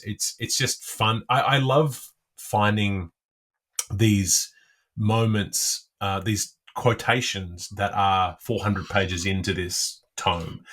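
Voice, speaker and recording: A low-pitched man talking through ideas in a relaxed podcast chat. He stops and starts often and circles back to rephrase his thoughts as he goes. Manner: hesitant, many restarts and fillers. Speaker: podcast co-host. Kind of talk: casual literary discussion.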